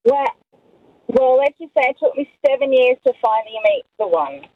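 A woman calling in to a radio show, speaking fast and bluntly. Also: high voice, creaky, no room sound. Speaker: radio caller. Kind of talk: phone-in chat. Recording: tinny phone line with crowd noise.

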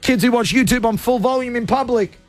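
Radio host, man, very high voice, over-the-top comic rants. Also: fairly quick, soft background music. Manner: energetic, exaggerated, ranting. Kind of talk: comedic radio rant.

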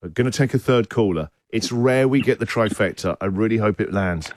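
A man's voice: lowish voice, darkish tone, no echo, studio quality. A man hosting a radio breakfast show, chatting playfully with callers and joking often. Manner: playful, quick to laugh and joke. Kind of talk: lively radio chat with callers. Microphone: studio microphone.

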